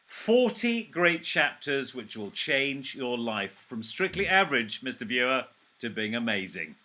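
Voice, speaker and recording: Bright, playful man host. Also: medium pitch, sing-song, a little slow. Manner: playful, teasing banter. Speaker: podcast host, trainer. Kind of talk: casual chat.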